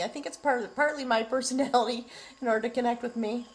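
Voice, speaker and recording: A middle-aged woman with a voice on the high side gives a spiritual tarot reading on a low-quality recording. Earnest and emotional, she often chokes up and breaks into soft laughs, drawing her words out slowly and dropping at times to a near whisper.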